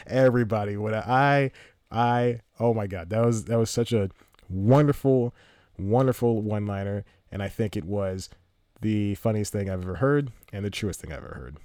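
A man's voice: lowish voice, moderate pace, a little mellow, no room sound. A man hosting a solo podcast in casual talk, rambling, often laughing and losing his train of thought. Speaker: podcast host.

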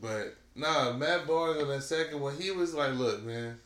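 A man co-hosting a casual podcast chat, animated and swearing, often laughing. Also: fairly high pitch, measured pace. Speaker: podcast co-host. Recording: echoey room with faint ambience.

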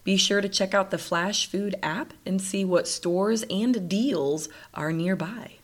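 A woman's voice: medium pitch, slow pace. A woman hosting a casual solo podcast, chatty and upbeat, who laughs often and sounds nasal and congested from stuffed sinuses. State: congested, sniffling. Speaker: podcast host.

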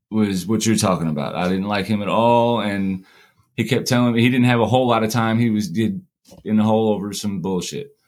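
A man, likely in his forties, casually telling prison stories, acting out the dialogue and swearing freely. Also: lowish voice. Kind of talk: casual storytelling.

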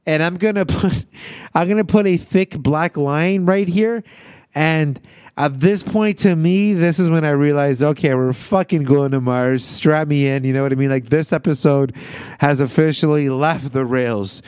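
A man casually recapping a sitcom episode, animated and profane, often laughing and acting out quotes. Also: a little high, moderate pace, clear, resonant tone, no echo, clean studio sound. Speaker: podcast host recapping a sitcom.

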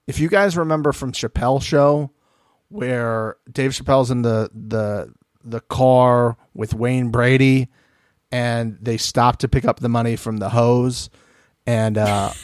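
A man's voice: mid-range voice, no echo, clean studio sound. A man co-hosting a podcast, chatting casually and jokily about a reality show and acting out quotes in voices. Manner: animated, jokey, acts out quotes in voices. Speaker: podcast co-host. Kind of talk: casual reality TV recap chat.

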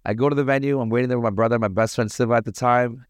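A man from Toronto, a podcast guest telling stories in a casual, animated, slangy way. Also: medium pitch, racing, dry recording, studio quality. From Toronto, Canada. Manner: animated, slangy, acts out voices in his anecdotes. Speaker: podcast guest, party promoter. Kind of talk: casual storytelling.

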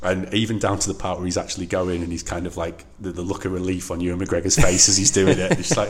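A man co-hosting a casual podcast chat, laughing often and retelling film scenes with animated asides. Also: low voice, fast talker, hardly any pauses. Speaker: podcast co-host.

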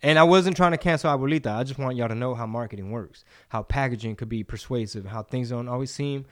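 Young guy cohosting a podcast, swears a lot, goes animated and mocking, normal mid voice. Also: mid-range voice, quick pace. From Texas. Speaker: podcast co-host. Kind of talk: casual podcast chat.

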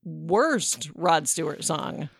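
A woman's voice: sits low, extremely slow, vocal fry, husky, no echo, clean studio sound. A woman co-hosting a chat show, telling a story in a playful, joking way. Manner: playful, animated storytelling with quips. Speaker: podcast co-host. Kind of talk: casual chat.

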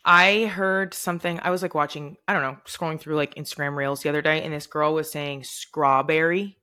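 Young woman podcast co-host, casual and animated, low-pitched voice with a bright edge, quick to laugh and jump in. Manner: animated, laughs often, jumps in with stories. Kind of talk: casual chat.

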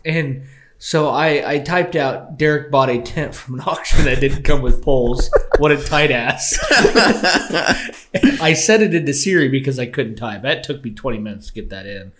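A man's voice: mid-range voice, moderate pace, a bit bright, slight background noise. A man co-hosting a casual podcast, telling a rambling story full of swearing and laughing at himself. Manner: loose, profane storytelling, laughing often. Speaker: podcast co-host. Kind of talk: casual chat.

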